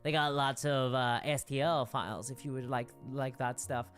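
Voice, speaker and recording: A woman's voice: a bass voice, steady tone, normal speed, soft background music. A woman hosting a casual livestream, rambling and laughing often as she reads viewer comments. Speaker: livestream host.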